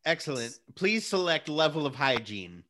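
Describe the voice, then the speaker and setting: A man's voice: fairly high pitch, sing-song, moderate pace, sharp tone. A man running a comedic tabletop role-playing game as game master, speaking in a mock-officious way.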